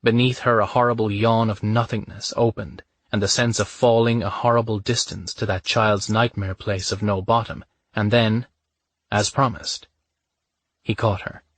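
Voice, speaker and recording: A man narrating a romance audiobook in a measured, even storytelling manner. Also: lowish voice.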